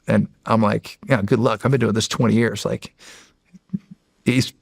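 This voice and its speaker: Gravelly-voiced man telling war stories. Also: lowish voice, fairly even intonation, a little slow, no echo. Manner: swears freely, acts out others' lines, laughs often. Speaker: podcast guest, former Navy SEAL. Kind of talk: casual storytelling.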